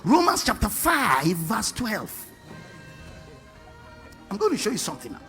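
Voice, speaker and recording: A man's voice: high voice, huge pitch swings, unhurried, pushed and bright, soft background music. A man preaching a sermon to a congregation, firing rhetorical questions and asking them to read along.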